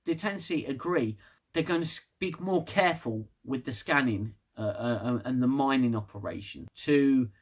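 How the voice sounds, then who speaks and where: A man's voice: medium pitch, normal speed. A man giving a casual, sarcastic, sweary solo review of a TV episode.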